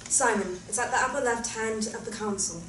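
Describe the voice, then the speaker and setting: A woman reading a part in a script, with calm, even delivery. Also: a little high, brisk, a little hiss or hum. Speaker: actor reading Dolores. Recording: echoey room, mic far off.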